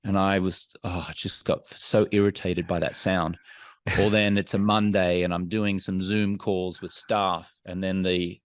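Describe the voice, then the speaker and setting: A man speaking as a podcast guest, talking frankly and reflectively in a measured, self-examining way. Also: deep voice, level tone. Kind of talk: candid, reflective interview talk.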